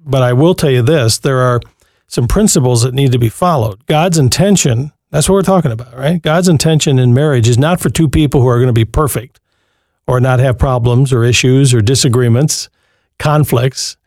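A man's voice: mid-range voice, moderate pace, darkish tone, no echo, studio quality. A man hosting a Christian call-in advice show, talking to callers in a reassuring, folksy way. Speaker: radio call-in host.

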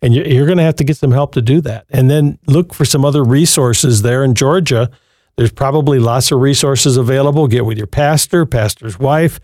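A man's voice: medium pitch, a little fast, darkish tone, no room sound, clean studio sound. A man hosting a live Christian radio call-in show, giving earnest, encouraging advice to callers. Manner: earnest, encouraging, repeats and restarts phrases.

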